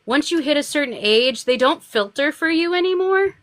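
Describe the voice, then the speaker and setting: A young woman chatting on a livestream, telling lively family stories and laughing often. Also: high-pitched, normal speed. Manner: animated storyteller, laughs a lot. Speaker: guest author. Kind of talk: casual chat on a livestream.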